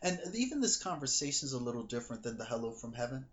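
Muffled and very fast, the medium-pitched psychic reader rattles through his stories on the casual podcast he co-hosts. He's animated throughout, acting out what others said.

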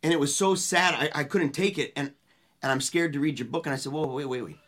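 A guest at a book launch sharing an emotional personal story in a loose, heartfelt way, dropping to a hushed voice at tender moments. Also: mid-range voice, fast talker. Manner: earnest and emotional, dropping to a hushed voice when retelling words of comfort; loose spoken style with restarts and colorful phrases. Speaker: guest speaking at a book release party.

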